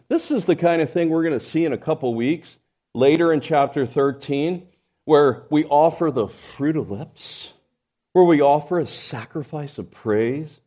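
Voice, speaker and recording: A man's voice: on the high side, unhurried, mellow. A man preaching a sermon to his congregation, building emphasis through his points and often restarting mid-phrase. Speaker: pastor.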